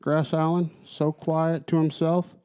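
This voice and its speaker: A man's voice: on the high side, little pitch movement, unhurried, mellow, clear, resonant tone. A man co-hosting a podcast in casual chat, swearing freely and preaching mockingly at listeners he calls "sons". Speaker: podcast co-host.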